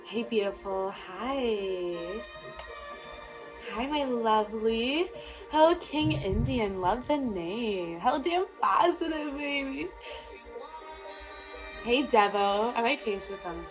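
A woman's voice: fairly high pitch, animated, takes it slowly, long pauses, poor audio. A woman hosting a casual livestream, greeting viewers one by one with flirty, affectionate pet names. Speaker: livestream host. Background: music playing.

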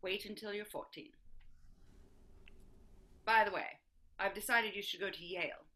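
A woman's voice: mid-range voice, fairly even intonation, moderate pace, sharp tone. An actress playing a grand, scheming society mother who speaks in an imperious, arch and theatrical way.

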